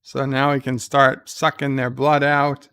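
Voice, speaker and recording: A man giving casual live commentary on a TV episode, loosely recapping scenes and reading viewer chat questions aloud, thinking out loud as he answers. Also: mid-range voice, completely flat delivery, a little slow, smooth, no room sound. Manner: thinks out loud with fillers and restarts.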